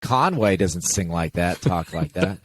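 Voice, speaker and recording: A man's voice: low-pitched, expressive. An older man hosting a casual music review chat, chatty and offhand. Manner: chatty, offhand, quick asides. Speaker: host.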